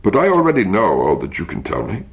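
A man's voice: on the low side, wildly swooping pitch, fast, vocal fry, pitched above the performer's own voice, exaggerated voice. A man reading aloud, voicing a cool, refined male dandy who speaks in a precise, insistent way. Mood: urgent. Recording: dull lo-fi recording.

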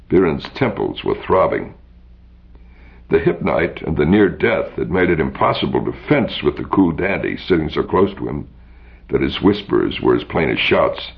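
A man's voice: extremely low pitch, lively intonation, moderate pace, creaky. A man narrating a story, reading expressively and voicing each character himself. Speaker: audiobook narrator. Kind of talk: scripted narration. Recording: dull lo-fi recording.

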